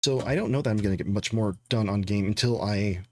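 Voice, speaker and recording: Low-voiced man rambling on a live stream. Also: fast talker. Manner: rambling, thinking aloud, muttering to himself. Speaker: game dev streamer. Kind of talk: casual live-stream chat.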